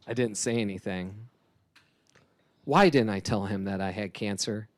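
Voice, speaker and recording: A man giving a keynote talk as a comic artist, lively and chatty, laughing often. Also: on the low side, unhurried, long pauses. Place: conference hall stage.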